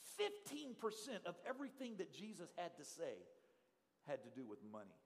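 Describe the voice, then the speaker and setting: A middle-aged male pastor, telling stories in a sermon and swinging from hushed telling to loud shouting. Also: high-pitched, huge pitch swings, normal speed. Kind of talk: storytelling sermon. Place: church sanctuary. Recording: live church hall reverb.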